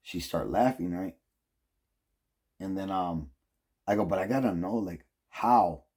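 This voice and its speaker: A man's voice: low-pitched, a little slow, a little mellow, breathy edge. A middle-aged man telling a casual rambling story, full of "like" and "um" and swearing. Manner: rambling, heavy use of "like" and "um", profane. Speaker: vlogger.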